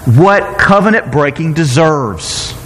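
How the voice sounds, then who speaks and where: A male pastor delivering a sermon with a lively, swooping voice that runs slightly high for a man. He talks in an animated, playful way and often stops and restarts his sentences. His voice rings out with a long hall reverb. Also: takes it slowly. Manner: animated, self-interrupting, playful asides.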